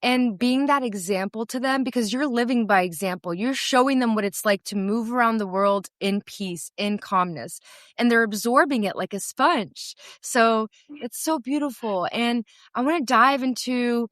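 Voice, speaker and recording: A woman's voice: fairly high pitch, moderate pace, a bit bright, no room sound, clean studio sound. A woman sales coach hosting a podcast interview, affirming and encouraging her guest. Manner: affirming, encouraging, frequent agreement.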